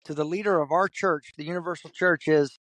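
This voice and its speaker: A man guest in an interview, from Kentucky, telling a story in an animated way and putting on the voices of the people in it. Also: fairly high pitch, a little fast, no echo. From Kentucky, USA. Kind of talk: storytelling in conversation.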